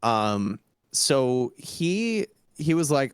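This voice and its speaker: A young man, a podcast co-host, telling a food story in relaxed, enthusiastic casual chat. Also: mid-range voice, moderate pace, smooth, no echo, clean studio sound. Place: small podcast studio.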